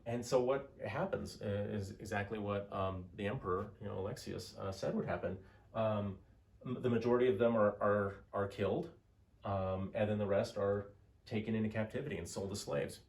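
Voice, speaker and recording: Male history lecturer, lowish voice, chatty storyteller, lots of "you know"s. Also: far from the mic. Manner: animated, chatty, many fillers. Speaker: history teacher.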